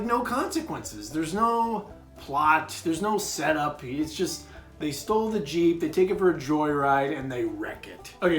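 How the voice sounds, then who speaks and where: A man giving a comic, deadpan review of a children's book, with mock-confessional asides. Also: on the high side, roomy sound.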